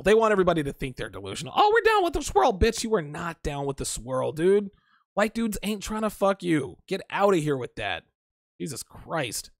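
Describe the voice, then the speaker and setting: An adult man with a fairly high voice hosts a casual livestream, reading chat comments aloud and answering them bluntly and profanely while laughing often. The recording is dry with clean studio sound.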